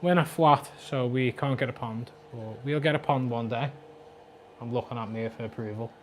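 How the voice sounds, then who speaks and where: A man in his twenties with a Scouse accent, chatting quickly and jokily on a livestream about his aquarium, reading out viewer comments. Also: mid-range voice, a little hiss or hum. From Liverpool, England. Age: 20s. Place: flat at home.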